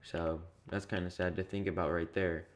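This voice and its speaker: A man's voice: low voice, flat delivery, moderate pace. A young man telling a story in a casual, rambling, repetitive way, sounding exasperated. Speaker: vlogger.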